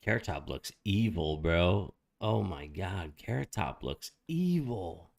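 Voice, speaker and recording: A male streamer making slow, profane reaction remarks to a clip he is watching. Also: deep voice, very animated, gravelly. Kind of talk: casual reaction commentary.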